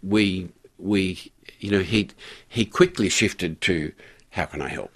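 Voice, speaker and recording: An older man speaks in a very low, gravelly voice during a radio interview. He tells his story haltingly, stopping and restarting often, and chuckling now and then. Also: fairly bright tone. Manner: halting, many restarts and fillers, chuckles while telling. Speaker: guest, community pastor.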